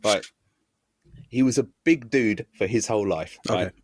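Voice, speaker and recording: A man's voice: on the low side, measured pace, slight background noise. A young man co-hosting a podcast, telling a story casually and teasing his friend. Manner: teasing, builds stories with "right?". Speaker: podcast co-host.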